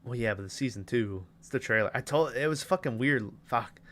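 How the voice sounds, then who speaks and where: A young man hosting a podcast, casually recapping a movie plot with loose, profane storytelling and quick character voices. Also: medium pitch, fairly bright tone. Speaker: podcast host recapping a film. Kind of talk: casual chat.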